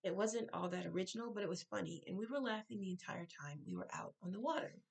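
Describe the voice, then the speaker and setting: A woman author reading her own novel aloud, now and then breaking off to correct herself or make a quick aside. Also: medium pitch, creaky, a little mellow, breathy edge, rough recording.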